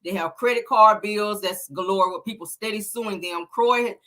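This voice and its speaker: A woman's voice: medium pitch, moderate pace, sharp tone. A woman hosting a celebrity gossip show, talking in a chatty, exasperated, slangy way. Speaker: show host.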